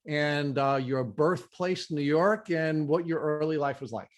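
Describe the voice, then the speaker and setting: A podcast host who asks calm, measured interview questions. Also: mid-range voice.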